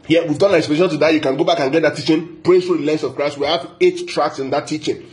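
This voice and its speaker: Fast and fairly even in intonation, a somewhat high male voice carries this sermon. The pastor teaches emphatically and repetitively, regularly checking in with "yeah?" to the congregation.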